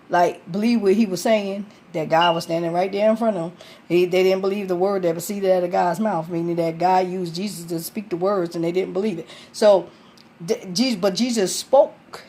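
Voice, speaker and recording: A woman's voice: fairly low pitch, mellow. Rambling woman in late-night Bible talk. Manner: rambling, many fillers and restarts.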